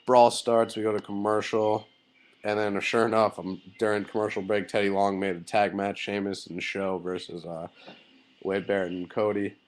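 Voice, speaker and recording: A man's voice: fairly low pitch, level tone, moderate pace. A man giving a casual video review of a wrestling show, loose and rambling with many fillers and blunt, swearing opinions. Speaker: wrestling vlogger.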